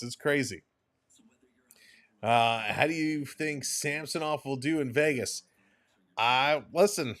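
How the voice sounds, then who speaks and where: A man's voice: fairly high pitch, a bit bright. A man hosting a live sports stream, calling plays casually and chatting with his viewers in a rambling way. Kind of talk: casual play-by-play and chat reading.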